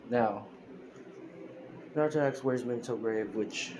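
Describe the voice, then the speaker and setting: A man's voice: medium pitch, measured pace, noisy background. A young man casually retelling a fan story over a phone recording, rambling with lots of fillers and self-corrections. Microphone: phone screen recorder.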